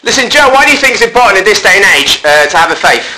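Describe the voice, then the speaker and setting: A man hosting a radio interview in an upbeat, breezy manner. His voice sits high and cuts through very brightly. He speaks quickly. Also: big pitch swings, a little hiss or hum, low-quality recording. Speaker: radio host.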